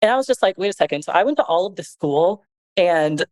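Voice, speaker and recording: A woman's voice: mid-range voice, big pitch swings, brisk, a little mellow, poor audio. A woman talking as a podcast guest and co-author, sharing advice in an earnest, reflective, conversational way.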